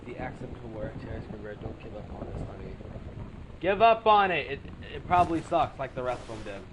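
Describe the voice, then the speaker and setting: A man's voice: fairly low pitch, fast, background noise. A man giving casual, self-mocking let's-play commentary, chatty with sudden outbursts. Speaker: gameplay commentator.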